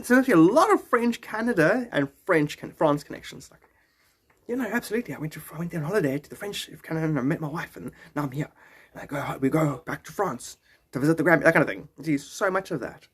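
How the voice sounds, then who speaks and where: A man's voice: on the high side, lively intonation, quick pace, a bit bright, slightly rough. Rambling man chatting on a livestream. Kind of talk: casual live-stream chat.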